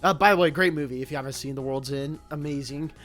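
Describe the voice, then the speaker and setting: A VTuber doing casual reaction commentary, animated and prone to joking rants. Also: mid-range voice, fast, faint music behind. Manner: animated, ranting, joking asides.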